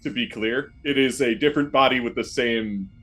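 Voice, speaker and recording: A man runs a tabletop horror game as game master, with a voice pitched right in the middle of the usual range. His narration rambles along loosely, with many ums and restarts. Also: normal speed, fairly bright tone, soft background music.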